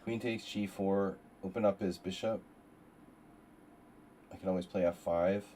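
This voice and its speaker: A man's voice: deep voice, fairly even intonation, measured pace, mellow, slight background noise, low-quality recording. A man streaming a chess simul, thinking aloud through moves and bantering with chat in a wry, meandering way. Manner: muttering through move calculations, wry asides. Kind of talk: live chess commentary with chat.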